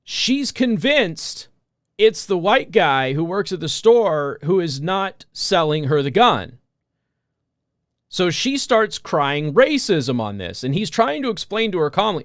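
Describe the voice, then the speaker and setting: American radio host, male, slightly high voice, emphatic storyteller, dry close sound. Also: very animated, slow, fairly bright tone, no echo. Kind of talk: talk radio monologue.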